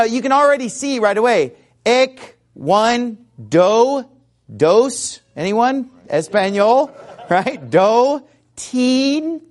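A man teaching an informal class in a chatty, animated way. His voice sits high and swoops freely up and down as he imitates sounds. The delivery is loose and conversational. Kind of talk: informal lecture. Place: Arizona.

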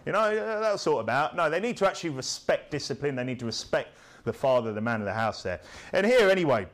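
A man's voice: medium pitch, big pitch swings, quick pace. A man preaching a sermon, punchy and rhetorical, who keeps checking in with the congregation through tag questions.

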